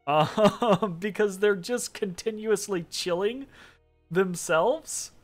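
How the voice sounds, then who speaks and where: A man's voice: sits high, slow, soft background music. A man casually commentating his own strategy game turn, rambling, correcting himself and making wry asides. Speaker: let's play commentator.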